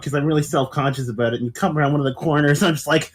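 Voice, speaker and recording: A man's voice: a little high, fairly even intonation, fast, few pauses. A man in casual podcast chat, animatedly telling a story, laughing often and swearing a lot. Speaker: podcast co-host.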